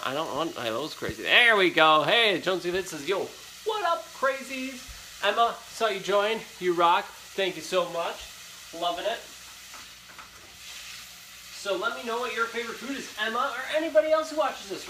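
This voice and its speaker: A man's voice: high-pitched, bright, forceful tone, slight background noise. A young man hosting a live cooking show from a home kitchen, chatty and upbeat, talking straight to his viewers. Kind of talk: casual live cooking demonstration. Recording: echoey kitchen with faint sizzling.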